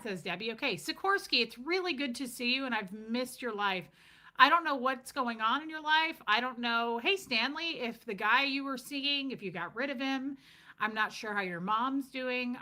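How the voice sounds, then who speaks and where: A middle-aged woman chatting live to her viewers, joking around and calling out their names as the comments come in. Her voice is bright and forward, at an ordinary pitch. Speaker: livestream host reading viewer comments. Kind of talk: casual livestream chat.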